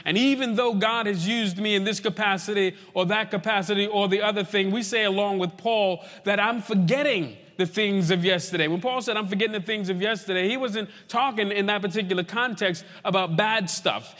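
A high-pitched male preacher delivers a sermon with long hall reverb around him. He drives his points home with repeated phrases and drawn-out, weighty pauses. The sound carries like a large church. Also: fairly bright tone. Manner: emphatic repetition, slowing for weight.

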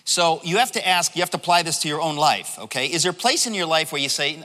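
Bright-voiced preacher in an echoing hall. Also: male voice, a little high, fast. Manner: animated, dramatizing, conversational. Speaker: pastor. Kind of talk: sermon. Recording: long hall reverb.

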